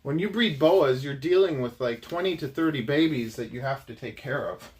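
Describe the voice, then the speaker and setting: A man's voice: medium pitch, normal speed, a little mellow. A young man chatting casually on a livestream, rambling, teasing and laughing often. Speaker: snake keeper and livestream host.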